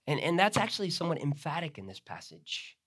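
Guy preaching a sermon, bright punchy voice, retells the bible story like he's there. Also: a little high, big pitch swings, fast talker, breathy edge. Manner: expository preaching with dramatic retellings of the text. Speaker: pastor.

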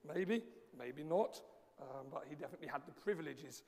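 A male preacher with a slightly croaky, fairly high voice delivers a sermon in an easygoing, conversational way. His words ring out into a long hall reverb, and he pauses often as he talks. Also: animated, a little mellow. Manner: measured, conversational preaching with frequent pauses and fillers. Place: church sanctuary, live-streamed service.

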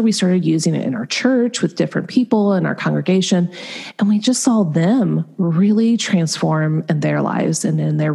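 A woman's voice: fairly low pitch, creaky, husky. A middle-aged woman, a coach being interviewed, telling her story candidly and with animation, with plenty of "um" and "like". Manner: candid, animated, frequent fillers. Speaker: Enneagram coach and guest.

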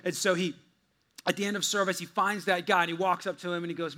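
A man with a high, bright voice preaching a sermon. He talks to his congregation like a friend in casual chat, then acts out his stories with lively, animated voices. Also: fast. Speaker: pastor.

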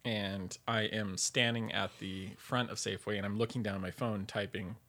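Animated man telling a story. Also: lowish voice, moderate pace. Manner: animated, laughing, many fillers. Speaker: podcast co-host. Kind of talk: casual storytelling.

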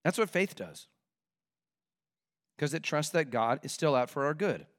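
Guy preaching a sermon, pretty high voice, super animated, talks like he's chatting with you. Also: a little slow. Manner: animated, conversational preaching with vivid examples. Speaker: pastor.

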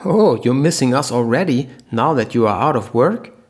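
A man's voice: medium pitch, animated, moderate pace, husky. A man voicing a sardonic battle-weary veteran. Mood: teasing. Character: sullen, sarcastic male veteran adventurer.

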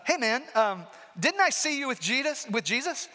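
A man's voice: extremely high pitch, very animated, moderate pace, sharp tone, exaggerated voice. A man voicing a teenage girl who questions a stranger in a casual, slangy way, heard in a reverberant hall. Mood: questioning.

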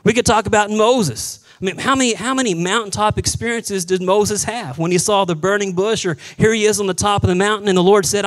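A male pastor preaching a sermon, animated, acting out the voices of Bible figures and dropping to a hush for solemn moments. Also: high-pitched, brisk, few pauses, poor audio. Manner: drops to a hushed voice for solemn moments.

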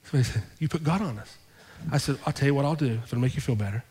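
Animated pastor preaching in a reverberant hall. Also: male voice, mid-range voice, fast talker, husky. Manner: animated retelling with quoted dialogue. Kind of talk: sermon storytelling. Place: church sanctuary.

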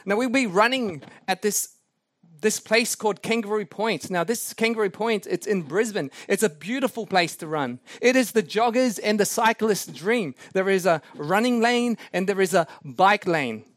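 High-voiced man telling a sermon story. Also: normal speed, no echo, studio quality. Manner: animated, self-mocking anecdotes with laughs. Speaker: preacher.

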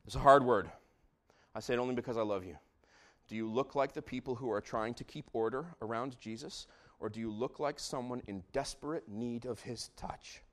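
A man preaching a sermon with great passion, moving between hushed, intimate lines and loud shouts. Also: mid-range voice, moderate pace. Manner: impassioned, swings from hushed to shouting. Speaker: pastor.

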